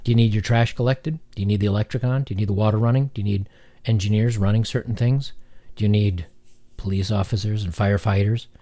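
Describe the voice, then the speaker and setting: Sarcastic low-voiced man reading aloud. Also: steady tone, mellow, no room sound. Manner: sarcastic, mocking, halting with fillers. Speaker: commentary channel host.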